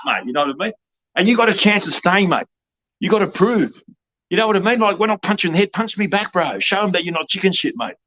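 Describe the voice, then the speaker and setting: A man's voice: high-pitched, expressive, fast, pushed and bright, highs cut off. A man, a wrestling promoter talking bluntly and profanely in a rambling podcast chat, ending his lines with "mate".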